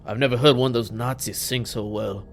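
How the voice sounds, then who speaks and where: A man at a tabletop game talking plans in a wry, relaxed way. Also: medium pitch, a little fast, creaky. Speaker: player. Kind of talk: casual game talk.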